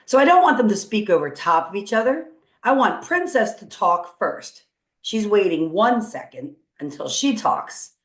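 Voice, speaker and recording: A woman's voice: mid-range voice, very animated, normal speed. Upbeat woman teaching in an echoey room. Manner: upbeat, encouraging, thinking aloud. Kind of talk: screen-recorded coding tutorial. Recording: roomy echo.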